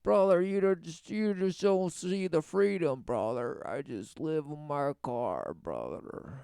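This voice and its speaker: A man putting on the voice of a mellow drifter who mumbles slowly and keeps saying "brother.". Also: on the high side, expressive, vocal fry, clear, resonant tone, no echo, studio quality, heavily acted. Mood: lazy drawl. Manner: slow, mumbling, repeats "brother". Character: mellow, drawling male drifter, mocked.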